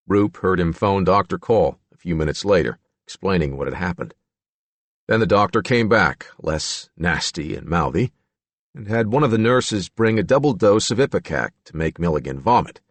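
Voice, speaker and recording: Low, lively-voiced male audiobook narrator. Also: dry recording. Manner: measured true-crime storytelling. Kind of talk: scripted narration.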